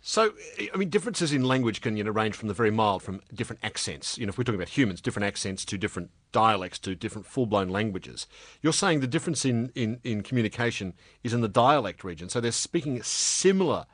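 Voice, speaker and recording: Male host, lively pitch, dry close mic, curious questioner. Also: fast talker, no room sound. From Australia. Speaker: radio interviewer. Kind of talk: casual interview talk.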